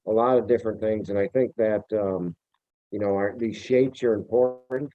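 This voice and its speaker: A man's voice: fairly low pitch, fairly even intonation, normal speed, no echo. A man from Vermont, a returning guest on an interview show, talking in a rambling way and often searching for his words. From Vermont, USA. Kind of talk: casual interview talk. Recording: tinny phone-like remote line, dry.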